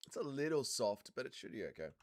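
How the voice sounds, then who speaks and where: A man's voice: mid-range voice, sing-song, fast. A man hosting a live watch-along stream, reading viewer chat aloud and bantering crudely, swearing freely and calling people mate. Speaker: livestream host.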